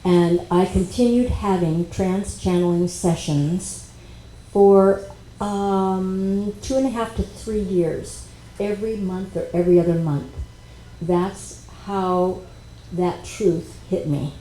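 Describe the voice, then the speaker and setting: A woman's voice: on the low side, slow. Woman telling her story in an echoey room. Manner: animated, conversational, with quoted dialogue. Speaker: speaker at a spiritual expo workshop. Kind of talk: personal storytelling talk. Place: expo workshop room. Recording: echoey room with faint noise.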